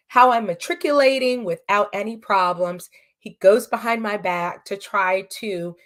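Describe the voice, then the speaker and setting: A woman from California, guesting in a podcast studio, tells her personal story earnestly and emotionally. Her voice is medium in pitch, and she acts out what other people said by quoting their dialogue.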